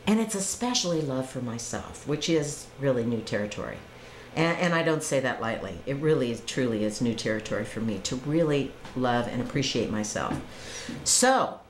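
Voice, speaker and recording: A woman tells her own spiritual journey in an earnest, reflective way, pressing her points through repetition. Her voice sits a little low and rises and falls in a lively way. The recording is roomy and echoey, with a faint hiss behind her. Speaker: speaker recording personal spiritual tapes. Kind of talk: personal spiritual testimony monologue.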